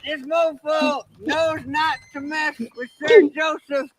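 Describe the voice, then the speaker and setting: An actor playing a rowdy Southern man panicking over his dog, in a gravelly voice that yells in panic. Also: very high-pitched, steady tone, slow pace, slight background noise. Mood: boastful. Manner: yelling in panic.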